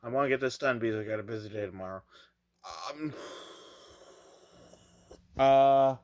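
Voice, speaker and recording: A man's voice: mid-range voice, moderate pace, no room sound, muffled recording. A young man, hesitant and rambling with lots of fillers, sounding tired as he records a casual review late at night. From Canada. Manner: hesitant, rambling, self-deprecating, many fillers. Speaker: toy reviewer.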